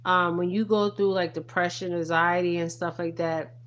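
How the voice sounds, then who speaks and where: A woman's voice: fairly low pitch, steady tone, normal speed, fairly bright tone, a little hiss or hum. A woman giving earnest spiritual commentary in a casual vlog, stressing each point and tagging most lines with "okay?". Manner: repeats "okay?" constantly, earnest and emphatic. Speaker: spiritual reader.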